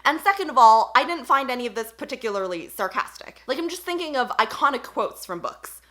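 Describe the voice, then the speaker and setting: Brief: young woman book reviewer, bright tone, slightly high voice, blunt and sarcastic. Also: expressive, brisk. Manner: frank, sarcastic, reads quotes aloud.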